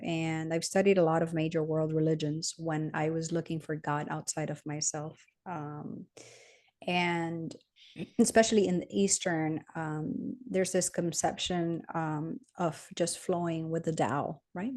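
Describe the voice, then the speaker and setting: A woman hosting an interview, speaking thoughtfully and gently, pausing to search for words. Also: low voice, level tone. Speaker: host. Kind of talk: reflective interview talk.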